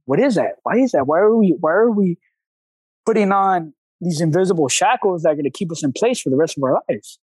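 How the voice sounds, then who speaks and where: Male coach guest, high-pitched, blunt storyteller with slang, recorded dry and close. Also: animated, fairly quick, darkish tone, husky, dry recording, rough recording. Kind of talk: casual interview talk.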